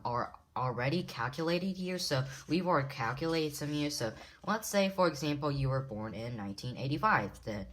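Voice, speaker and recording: A woman teaching a language lesson in a casual way, repeating words slowly syllable by syllable. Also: very deep voice.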